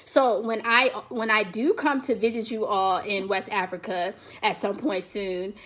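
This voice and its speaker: A woman's voice: mid-range voice, fairly even intonation, a little slow, a bit bright. Emphatic American woman on a video call. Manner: emphatic, rallying, repeats "we have to". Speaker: guest speaker on a virtual summit. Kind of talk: motivational talk, then answering questions.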